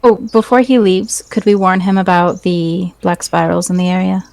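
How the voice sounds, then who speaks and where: A woman player in a tabletop game, talking through her character's actions in a quick, practical way. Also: fairly low pitch, fairly even intonation, creaky, a little mellow. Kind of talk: casual tabletop play.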